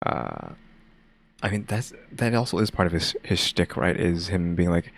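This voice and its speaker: Man, very low voice, skeptical, thinks out loud in casual banter. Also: big pitch swings, normal speed, gravelly. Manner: skeptical, musing aloud. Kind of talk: casual chat.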